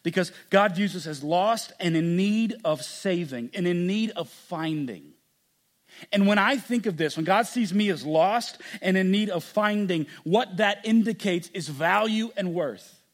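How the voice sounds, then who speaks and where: A man preaching a sermon with passion, acting out the voices in the story and at times dropping to a hushed tone. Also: high-pitched, a little slow. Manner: impassioned, acts out the story's voices; drops to a hushed, quiet delivery. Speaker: pastor.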